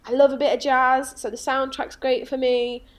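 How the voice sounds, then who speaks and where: A woman in her twenties co-hosting a casual movie podcast, chatty and quick to laugh. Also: sits high, little pitch movement. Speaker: podcast co-host.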